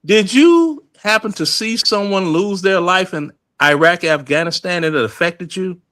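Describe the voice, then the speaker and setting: Bright, lively, stammering man. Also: high voice, moderate pace. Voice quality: stammering, repeats words when worked up. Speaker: veteran co-host on a live stream panel. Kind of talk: casual heated chat.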